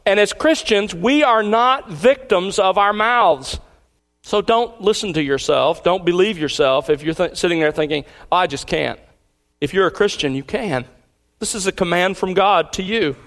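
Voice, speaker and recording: A man preaching a sermon, deliberate and emphatic, repeating key lines slowly for weight. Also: high voice, fairly bright tone. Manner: deliberate preaching cadence with pauses. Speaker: pastor.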